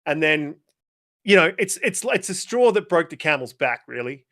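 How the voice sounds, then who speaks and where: Man, guest gamer, ranting, profane, bright forceful voice, dry close sound. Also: a little high, very animated, normal speed, dry recording. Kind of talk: casual interview chat.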